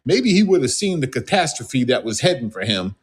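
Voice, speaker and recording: A man's voice: mid-range voice, very animated, brisk, breathy edge. A man from the United States on an angry, scolding, profane rant.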